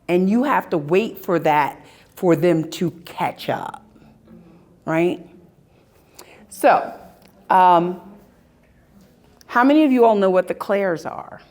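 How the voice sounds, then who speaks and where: Unhurried, animated woman speaker. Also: lowish voice. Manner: animated storytelling, acting out scenes. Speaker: spiritual workshop speaker. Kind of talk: live talk to an audience. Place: expo hall.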